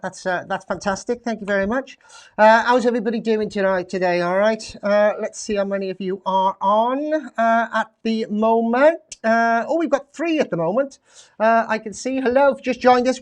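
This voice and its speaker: Guy hosting a quiz livestream, chatty and rambly, lots of ums, bit out of breath. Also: high-pitched. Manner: chatty, rambling, many fillers and restarts. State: slightly out of breath. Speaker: quiz show host. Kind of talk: casual live-stream chat. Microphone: desk mic at a computer.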